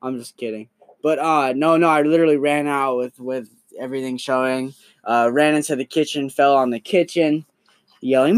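A young man hosting a podcast in a casual, crude, animated storytelling manner. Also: medium pitch, normal speed, clear, resonant tone, no room sound. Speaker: podcast host.

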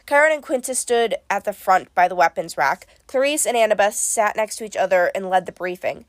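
Female audiobook narrator, expressive storyteller, dry studio sound. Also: medium pitch, brisk, dry recording. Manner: expressive, lively first-person storytelling. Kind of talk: audiobook reading.

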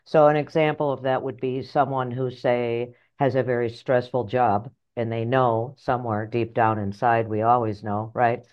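A middle-aged woman author and life coach telling her story in an interview, animated and blunt, acting out voices in her head. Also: very deep voice, normal speed, few pauses, dull audio. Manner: animated, acts out inner voices, earthy phrasing.

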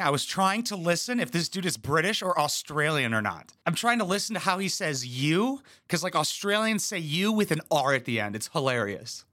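A man's voice: fairly high pitch, sharp tone. A man doing crude, sarcastic reaction commentary as a comedy channel host, swearing and mocking freely. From United States. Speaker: commentary YouTuber.

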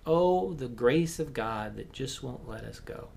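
Gravelly preacher man, loud to hushed. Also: medium pitch, a little slow, few pauses. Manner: animated preaching, acting out quoted voices, swings between loud and hushed. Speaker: pastor. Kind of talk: sermon.

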